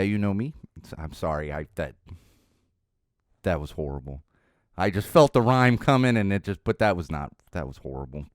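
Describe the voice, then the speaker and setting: A middle-aged man hosts a casual podcast, his rather low voice swinging up and down with lots of life. He rambles as he tells stories, restarting sentences and drifting into asides. The sound is close and dry, with no room around it. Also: dry recording. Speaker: podcast host.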